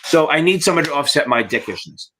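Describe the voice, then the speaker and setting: Guy with a higher voice hyping up test takers on a livestream, swears a ton, super blunt. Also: animated, fast talker, fairly bright tone. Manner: blunt, profane, fired-up pep talk. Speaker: exam prep tutor hosting a live Q&A. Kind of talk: casual livestream coaching.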